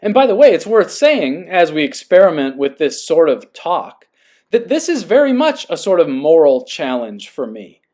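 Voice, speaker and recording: A podcast host with a voice pitched a little high for a man. He reads a passage slowly and then reflects earnestly in a monologue, often pausing to check that the listener follows. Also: big pitch swings, darkish tone. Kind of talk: reading aloud and reflective monologue.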